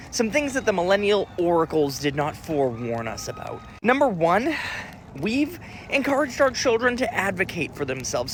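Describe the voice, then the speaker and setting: A man's voice: high-pitched, slight background noise. A man in his thirties doing a profane, exasperated comic rant about parenting. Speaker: comedian.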